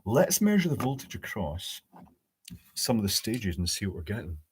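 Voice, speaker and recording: A man building a high-voltage circuit live at his workbench, thinking aloud, answering viewers' chat and dropping dry jokes. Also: wildly swooping pitch, normal speed, slight background noise. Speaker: electronics hobbyist host. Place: home electronics workbench.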